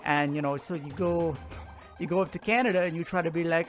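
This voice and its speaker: High-voiced man rambling casually. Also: fairly even intonation, a little fast, faint music behind. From Louisiana. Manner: rambling, filler-heavy, laughs often. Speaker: show co-host. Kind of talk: casual chat.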